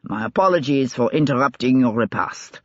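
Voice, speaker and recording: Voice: mid-range voice, expressive, brisk, dry recording, voice pushed down, lightly acted. A reader voicing a strained, proud male colonel. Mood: formal. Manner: strained and defensive. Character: proud, nervous male foreign army colonel. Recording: dull, dry lo-fi recording.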